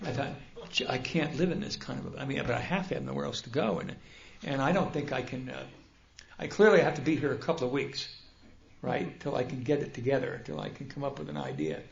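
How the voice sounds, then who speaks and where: An older man, a speaker at a recovery convention, tells his personal story in a humorous, self-deprecating and animated way. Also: mid-range voice, a little fast, gravelly. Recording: dull, roomy hall recording.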